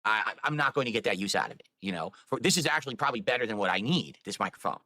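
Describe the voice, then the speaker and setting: A man's voice: on the low side, expressive, very fast, bright, forceful tone, no echo. A man streamer talking on a live stream, explaining himself at length in a rambling, defensive way. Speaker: video game streamer.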